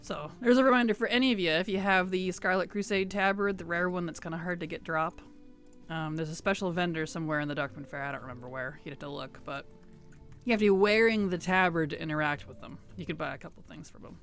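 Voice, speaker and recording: A woman's voice: fairly low pitch, fast, soft background music. A woman streaming a game, chatting casually with her viewers in a laid-back, rambling way. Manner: chatty, reads chat aloud and answers it. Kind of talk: casual live-stream chat.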